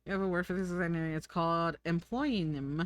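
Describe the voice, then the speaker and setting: A woman's voice: fairly low pitch, normal speed, no echo. Giggly young woman streamer, dry sound. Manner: chatty, giggly, thinks aloud. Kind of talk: casual chat while drawing on stream.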